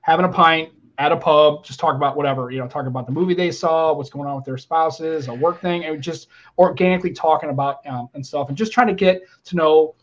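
An American man hosts a casual tech podcast, talking quickly in a slightly high voice. He rambles with restarts and lets phrases fade quietly, and the audio is muffled and lo-fi. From United States. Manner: rambling, animated, trails off quietly at phrase ends. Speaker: podcast host.

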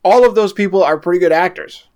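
A man co-hosting a casual podcast, adding wry, deadpan commentary about a film and its cast. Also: high-pitched, fast talker. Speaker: podcast co-host. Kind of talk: casual chat.

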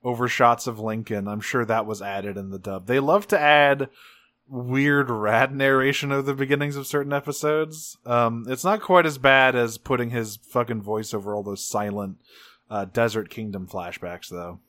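A man co-hosting a casual podcast recap. His voice sits at an ordinary middle pitch, and he talks in a loose, animated way. He swears freely and jumps into exaggerated, raised character voices. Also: moderate pace. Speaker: podcast co-host.

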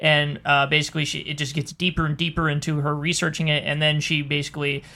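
A young man hosting a casual podcast, talking in a relaxed, easygoing, rambling way. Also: fairly high pitch, fast talker. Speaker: podcast host.

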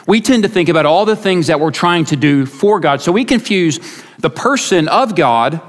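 A man preaching a sermon as a pastor, talking in a halting, vulnerable way with many restarts. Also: fairly high pitch. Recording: long hall reverb.

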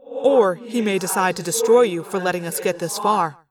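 A woman's voice: fairly low pitch, moderate pace, noisy background, pitched below the performer's own voice, close to an everyday voice. A woman reading aloud, voicing a composed young male alien warrior with a cool, level delivery. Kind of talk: fan audiobook reading.

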